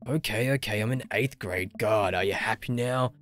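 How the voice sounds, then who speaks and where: A man's voice: fairly low pitch, moderate pace, fairly bright tone, soft background music, close to an everyday voice. A man with an Australian accent voicing a sulky, rebellious teenage boy in a game, who grumbles sarcastically.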